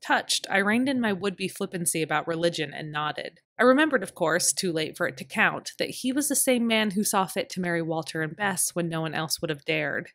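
Woman reading a historical romance audiobook, lowish voice, dry close mic. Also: a bit bright, no room sound. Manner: measured, storytelling. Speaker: author and audiobook narrator. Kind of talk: first-person audiobook narration.

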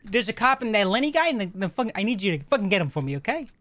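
A man roleplaying a prison guard in character, excitable and profane, breaking into shouted bursts. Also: high voice, rapid-fire.

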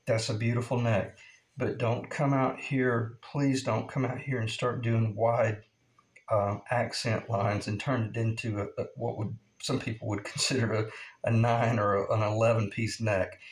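Rambling man teaching in an echoey shop. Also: lowish voice. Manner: rambling, repeats himself, talks while working. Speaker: guitar builder teaching. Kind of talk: casual workshop demonstration. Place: workshop. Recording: echoey workshop room.

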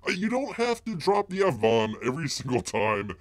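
A man's voice: a little high, sing-song, normal speed, no room sound. A man hosting a live-stream news commentary, rambling and mocking, full of filler words, who speaks of himself in the third person. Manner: heavy filler words and restarts.

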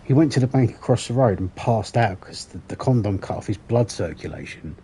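A man talks to his viewers during a game livestream. His voice sits a little low and sounds soft and warm. He rambles, swears freely and laughs at his own jokes. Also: animated, fairly quick, slight background noise. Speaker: gaming livestreamer. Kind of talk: casual livestream chat while playing.

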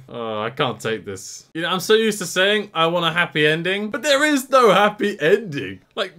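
A young man reacting to a film, excitable and laughing often, talking casually over the scenes. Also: sits high. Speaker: movie reaction host. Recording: film soundtrack playing behind.

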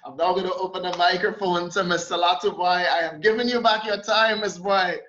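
Bright high-voiced man hosting a call. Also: fairly even intonation, brisk. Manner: enthusiastic, exclamatory, laughing. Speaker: host of an online seminar. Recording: dull lo-fi call audio.

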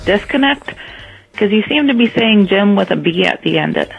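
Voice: mid-range voice, expressive, brisk, creaky, slightly rough, soft background music, rough recording. A caller leaving a hesitant voicemail message full of ums.

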